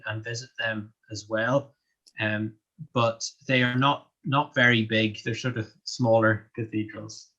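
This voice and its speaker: A man from Northern Ireland with a Northern Irish accent, a guest in a live online interview, explaining things slowly and carefully with many pauses and ums. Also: mid-range voice, bright, forceful tone, muffled recording.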